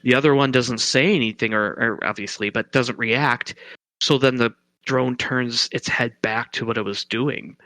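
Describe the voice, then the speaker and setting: A man's voice: medium pitch, steady tone, normal speed, bright, forceful tone, no echo. A man co-hosting a podcast, chatting casually about a film and thinking aloud with many questions and restarts. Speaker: podcast co-host.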